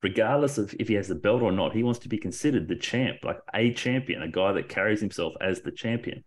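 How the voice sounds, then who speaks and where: A man co-hosting a podcast, talking in an excited, rambling way, restarting sentences and swearing casually. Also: on the low side, brisk. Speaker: podcast co-host. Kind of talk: casual wrestling discussion.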